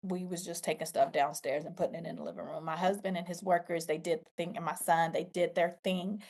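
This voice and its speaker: A woman's voice: fairly low pitch, steady tone, brisk, creaky, darkish tone. A woman hosting a podcast, giving a faith testimony and talking straight to her listeners, emphatic and repeating her key phrases like a preacher. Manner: talks straight to listeners, addressing them as y'all. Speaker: podcast host.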